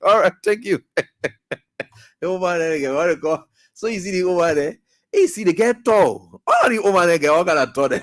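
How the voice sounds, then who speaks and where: Liberian English male call-in host, fairly high voice, dry studio sound, jokey. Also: dry recording. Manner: laughs often, teasing. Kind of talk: casual call-in radio talk. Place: radio studio.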